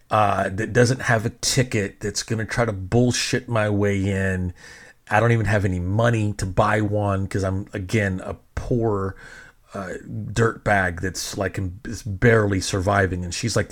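A middle-aged man with a fairly low voice tells a personal story in a loose, casual way. He rambles and restarts, mocks himself, and swears freely. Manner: rambling, profane, self-mocking.

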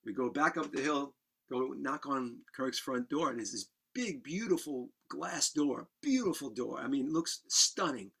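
A man guest on a podcast, telling a wild story in a casual, animated way, swearing and laughing as he goes. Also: mid-range voice, normal speed, gravelly, breathy edge.

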